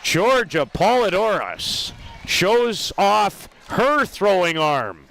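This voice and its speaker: A man calling a softball game play by play, lively, with self-deprecating asides about player names. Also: sits high, drawn-out words. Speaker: play-by-play announcer. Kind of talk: sports commentary.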